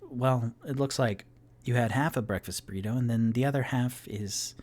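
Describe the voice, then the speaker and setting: A man voicing a patient, fretful innkeeper woman who talks gently and hesitantly, stumbling over her words, in a solo tabletop game. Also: medium pitch, normal speed, lightly acted.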